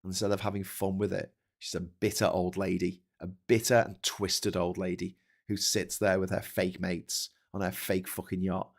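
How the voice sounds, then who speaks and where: A man's voice: low-pitched, little pitch movement, moderate pace. A man hosting a livestream, reading viewer comments and ranting with heavy swearing and frequent laughter. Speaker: host. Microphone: desk microphone.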